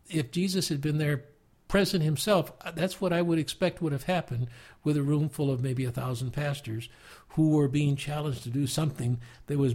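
Gravelly, husky older man recalling revival. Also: medium pitch. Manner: earnest, emotional, with warm chuckles and halting restarts. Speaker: guest preacher. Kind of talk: reflective conversational storytelling.

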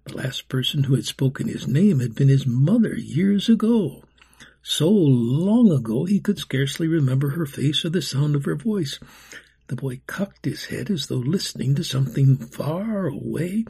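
A man's voice: on the high side, lively intonation, a little slow, vocal fry, dark tone, slightly rough. A man reading a storybook aloud in a dramatic way, often dropping to a whisper. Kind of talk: storybook narration.

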